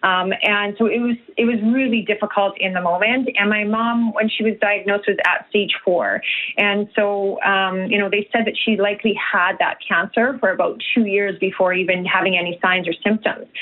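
A woman's voice: medium pitch, fairly even intonation, normal speed. A woman from Canada, earnest and a little emotional, speaking as a radio guest over the phone. Her voice comes through a tinny, narrow phone line. She talks with many fillers and restarts. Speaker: guest, nutritionist and health coach.

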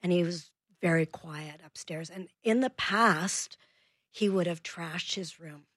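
Husky lady on the radio telling a parenting story, acts out the lines, dry close sound. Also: lowish voice, a little slow, no room sound. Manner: animated, acts out dialogue in her story. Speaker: guest parenting expert.

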